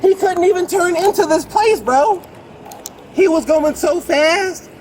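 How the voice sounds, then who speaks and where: Man, late 30s, very high voice, agitated, rambling, outdoors, body cam, faint background noise. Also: a little slow, low-quality recording. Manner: rambling, excitable, repeats "bro". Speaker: complainant speaking to police. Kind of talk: agitated street account to an officer. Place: outdoors beside a road. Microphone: police body camera.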